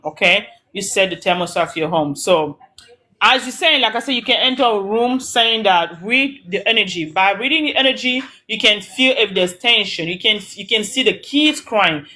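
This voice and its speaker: Her voice is medium-pitched, pushed and bright as she hosts a motivational live stream for mothers, coaching them through an audio-only phone broadcast. Earnest and preachy, she keeps repeating her points and says hello to viewers by name.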